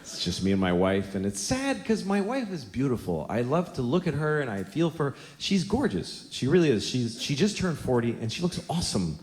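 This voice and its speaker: A man in his forties doing a stand-up comedy set on a theater stage, telling blunt, exaggerated stories in an animated way. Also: mid-range voice, a little fast, few pauses. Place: theater stage before a live audience. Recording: roomy hall with audience noise.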